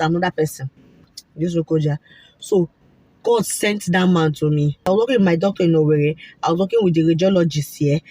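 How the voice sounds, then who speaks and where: A woman with a Nigerian accent casually telling a personal story, animated and repetitive, slipping into Pidgin asides. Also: lowish voice, slightly rough, no echo. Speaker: vlogger sharing a fertility story.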